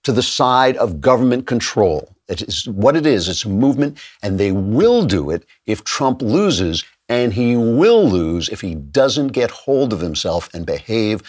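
Low-voiced combative male talk host. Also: big pitch swings, measured pace, few pauses, darkish tone. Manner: combative, sardonic, reads quotes aloud. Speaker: political talk show host. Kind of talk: opinion monologue.

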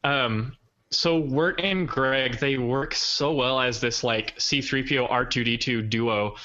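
A man's voice: medium pitch, slow pace, bright, forceful tone, highs cut off. A man hosting a podcast in casual chat, hedging with "I guess". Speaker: podcast host.

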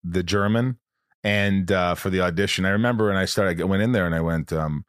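A man with a lowish voice who talks quickly and eagerly. He hosts an interview podcast and reads out listener questions. The sound is dry and close. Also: clear, resonant tone, no room sound. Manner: eager, enthusiastic, stumbles on starts. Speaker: podcast host.

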